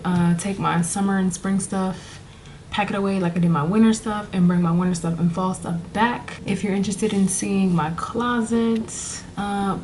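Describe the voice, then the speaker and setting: A woman's voice: medium pitch, a little mellow, slight background noise. A young woman, out of breath and rambling with fillers as she casually vlogs from her bedroom. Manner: chatty, rambling, with many fillers. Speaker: vlogger. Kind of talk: casual chat.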